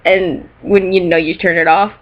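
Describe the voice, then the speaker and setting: Woman vlogger, mid-pitched, excitable and rambling, giggles often, slightly dull lo-fi recording. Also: moderate pace. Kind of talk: casual chat showing off purchases.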